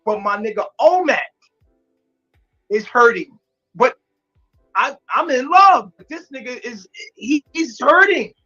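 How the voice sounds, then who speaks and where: A man on a live stream telling a rambling personal story in a crude, animated, repetitive way, with a husky voice. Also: very high voice, unhurried, long pauses, faint music behind. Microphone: stream mic. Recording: muffled lo-fi stream audio.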